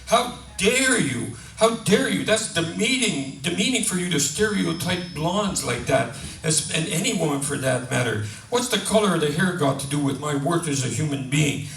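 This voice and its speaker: A man voicing an indignant blonde woman heckling a comedian, shrill and lecturing, in a stand-up story. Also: lively intonation, normal speed, vocal fry. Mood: outraged. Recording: roomy, distant mic.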